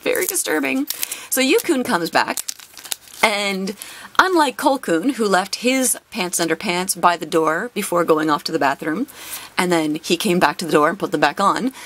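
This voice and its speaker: A woman's voice: on the high side, fairly bright tone. A young adult woman, a teacher hosting her own channel, tells an exasperated work story with laughs while opening a card box.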